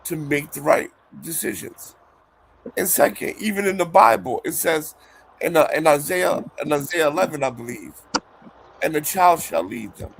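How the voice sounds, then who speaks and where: A hoarse, tired man on a live online debate panel, speaking haltingly and repeating his words. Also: on the high side, slight background noise. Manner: halting, repeats words, cuts in to keep order.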